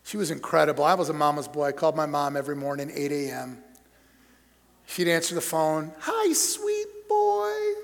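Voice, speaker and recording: A middle-aged man preaches with a high, gravelly voice. He keeps it conversational and joking, pushing loud on key points, then dropping soft for personal stories. His words ring out with long reverb from a large church hall. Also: steady tone, brisk. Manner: conversational and joking, swinging between loud emphasis and soft storytelling. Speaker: pastor. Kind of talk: sermon. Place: church sanctuary.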